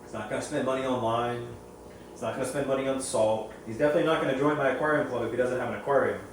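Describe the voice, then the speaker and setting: A man's voice: medium pitch, fairly even intonation, rapid-fire. Man talking in an echoey room, far off. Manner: rambling, repeats and restarts phrases. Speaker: reef aquarium hobbyist. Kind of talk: casual opinionated storytelling. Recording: very echoey room, far from mic, faint noise.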